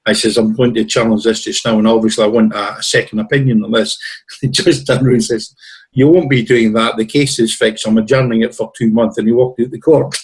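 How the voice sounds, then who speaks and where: Husky-voiced man telling stories. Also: on the low side, fairly even intonation, a little fast, poor audio. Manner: rambling and anecdotal, acts out the other people in his stories. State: tickly throat with coughs. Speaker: guest. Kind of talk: storytelling in a conversation.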